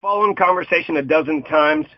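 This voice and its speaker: A young man with a fairly high voice reads items from a list and cracks jokes about each one, chuckling as he goes. The recording is dull, lo-fi and dry, with no room sound. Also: fast talker, dry recording. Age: young adult. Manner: joking, riffing, laughs often. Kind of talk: reading a list aloud with comic riffs.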